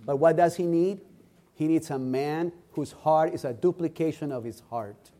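A man's voice: fairly high pitch, moderate pace, dark tone. A man preaching a sermon in an earnest, emphatic way, building his points through repeated phrases.

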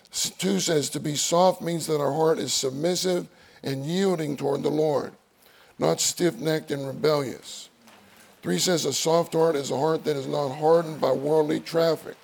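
A man's voice: on the high side, vocal fry, darkish tone. A man preaching a sermon, reading outline points aloud and repeating key phrases for emphasis.

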